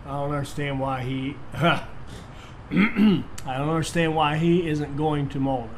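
Hosting a casual let's-play, a game commentator reflects on his own gameplay out loud, using fillers and restarting sentences. He speaks at a measured pace in a fairly high voice, with slight background noise.

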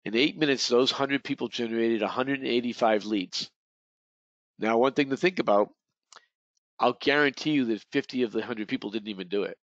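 A man's voice: mid-range voice, brisk, a bit bright, no echo. A man leading a real estate training webinar, talking in a rambling way with many restarts and repeated words. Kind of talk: webinar presentation. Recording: dull, lo-fi webinar audio.

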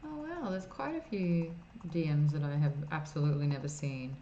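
A woman's voice: low-pitched, normal speed, warm tone. A woman chatting casually while streaming an old computer game and reading chat. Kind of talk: casual gameplay commentary. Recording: slightly dull streaming mic audio with faint noise.

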